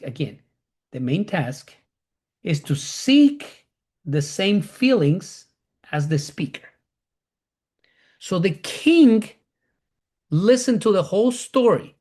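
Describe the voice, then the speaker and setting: A man's voice: a little high, darkish tone. A man teaching a Bible class, repeating key phrases, often restarting and correcting himself as he explains.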